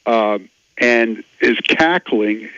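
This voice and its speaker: A man's voice: mid-range voice, drawn-out words, a bit bright, dry recording. A man in his seventies, an author being interviewed on the radio, answering critics in an emphatic, dismissive way. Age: 70s. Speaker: author guest. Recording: dull dry radio audio.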